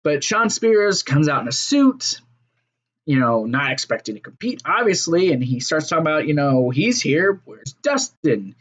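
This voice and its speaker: A man's voice: on the high side, very animated, moderate pace, fairly bright tone. Profane rambling man reviewing wrestling. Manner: profane, rambling, fillers and restarts. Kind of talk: casual solo review.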